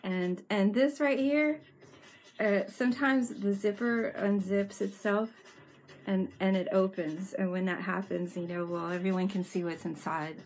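A woman's voice: mid-range voice, fairly even intonation, unhurried, a little mellow. A woman hosting a casual live stream from home, playful and teasing and laughing often. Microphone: webcam mic with fisheye lens.

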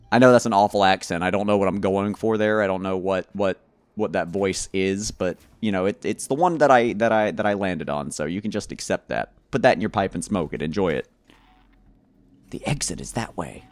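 A man giving let's play commentary on a horror game, rambling to himself with stammered restarts and sudden loud excited outbursts. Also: low voice, moderate pace, no echo. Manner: rambling nervous self-talk, repeated stammered restarts. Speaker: gamer playing a horror game.

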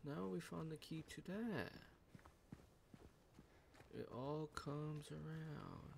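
A man's voice: on the high side, takes it slowly, creaky, a little hiss or hum. A young man giving profane, joking let's-play commentary and laughing often. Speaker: gaming channel host.

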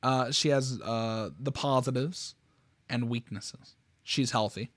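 A man hosting his own channel, chatting excitably through fan horror stories and swearing casually. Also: medium pitch, takes it slowly, no room sound. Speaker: YouTube host. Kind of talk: casual reaction commentary.

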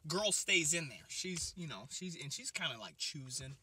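A young man telling a comic story as a vlogger, animated and expressive, swinging between loud bursts and muttered asides. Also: on the high side, moderate pace, slightly rough. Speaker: comedian vlogger.

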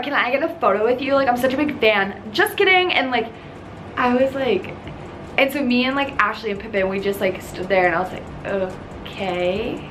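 A young woman YouTuber in a casual storytime chat, talking with lots of "like" and retelling events with animated energy. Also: a little high, a little hiss or hum. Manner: chatty, filler-heavy with constant "like", animated retelling.

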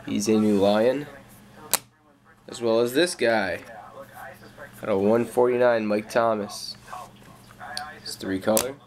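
A young man calmly listing off his trading cards in a casual showcase, with slang and frequent fillers. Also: on the low side, slow, long pauses. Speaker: card collector.

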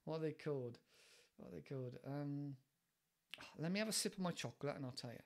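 Man with a West Country English accent, podcast teacher, chatty, digressive, fairly high voice. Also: a little fast, gravelly, darkish tone. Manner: chatty and digressive, laughs often, acts out examples. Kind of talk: casual podcast lesson explaining idioms.

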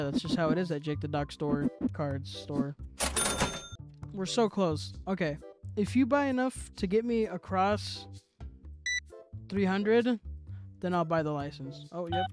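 Playful man joking through gameplay. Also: high voice. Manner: joking, animated, banters with game characters. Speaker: gaming video creator.

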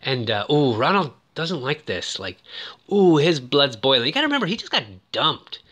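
Man, casual movie recap, lively up-and-down pitch, jokey asides. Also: moderate pace. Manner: joking, animated asides with frequent "ooh". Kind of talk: casual commentary.

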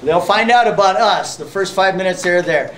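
High voiced pastor guy preaching, jokey, far off mic in a roomy church with some noise. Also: moderate pace, fairly bright tone. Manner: folksy, joking, laughs often. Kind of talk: sermon. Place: church sanctuary.

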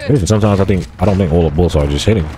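A man's voice: low voice, racing. A man giving casual gameplay commentary, reacting with frequent swearing and exasperation. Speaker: gaming YouTuber. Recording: game gunfire behind voice.

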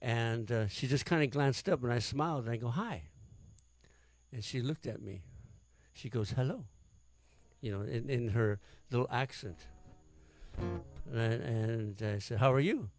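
A man's voice: mid-range voice, normal speed. A man, a singer-songwriter, telling a story between songs in a rambling, hesitant way with many fillers.

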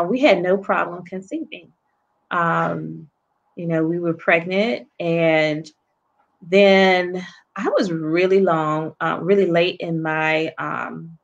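Interview guest: woman with a lowish voice, speaking softly and haltingly. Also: lo-fi sound. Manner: soft, halting, many pauses and restarts. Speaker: guest author and poet. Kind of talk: personal story in an interview.

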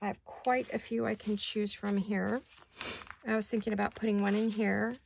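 A woman's voice: mid-range voice, flat delivery, normal speed, creaky, slight background noise. A middle-aged woman chatting casually as she crafts, thinking aloud and laughing often. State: hiccuping. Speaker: craft vlogger. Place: home craft studio.

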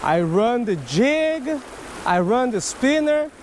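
A man vlogging outdoors while fishing a creek, chatting casually and getting excitable, swinging from hushed to yelling. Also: very high voice, slow pace, a little hiss or hum.

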